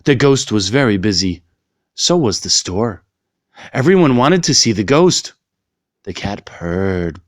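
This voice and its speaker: A man reads a children's picture book aloud, taking it slowly and clearly, with his pitch rising and falling widely. The sound is dry and close, with no room around it. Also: sing-song, dry recording. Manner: slow, clearly paced storytelling. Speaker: reader.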